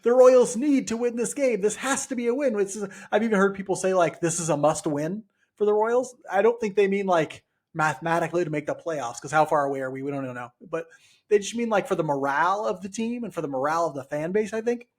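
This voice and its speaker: A man's voice: sits high, quick pace, darkish tone. A man co-hosting a sports podcast with wry jokes and dry asides. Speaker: podcast co-host. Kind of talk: casual sports chat.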